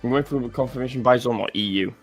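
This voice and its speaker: A man's voice: mid-range voice, fast, soft background music. A man hosting a live trading stream, chatting casually and joking while he stammers and restarts as he walks through charts.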